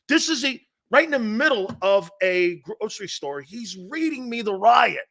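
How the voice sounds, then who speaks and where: A man's voice: normal speed, gravelly, few pauses. A middle-aged man hosting a sports talk show, telling stories bluntly and with a lot of energy. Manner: animated, blunt storytelling with swings in pitch and loudness.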